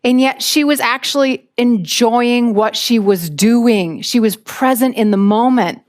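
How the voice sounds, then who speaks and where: A woman, around her forties, from the United States, telling a personal story in a talk with lively acted-out moments. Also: on the high side, a little slow. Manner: lively storyteller, acts out voices. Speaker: speaker.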